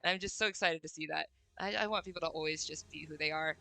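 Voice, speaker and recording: A woman streaming a game, chatting casually and reading dialogue aloud, giggling and gushing with squeaky quoted voices. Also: quick pace, gravelly, pushed and bright, no room sound, soft background music, poor audio.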